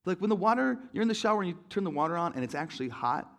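Animated pastor man preaching. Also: high voice, very fast, hardly any pauses. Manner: animated, acts out quoted voices, jokes with the congregation. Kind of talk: sermon. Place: church.

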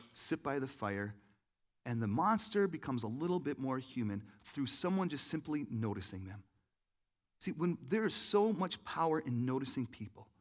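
A man preaching a conversational sermon, talking casually with many fillers and asking the audience questions. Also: mid-range voice. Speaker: pastor.

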